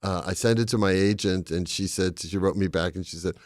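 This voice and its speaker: A man's voice: low-pitched, a little fast, a little mellow, no room sound, studio quality. An older man with a Boston accent, a comedian and author telling meandering, comic stories as a talk-show guest. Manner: anecdotal, meandering, with comic timing. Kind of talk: casual chat, storytelling.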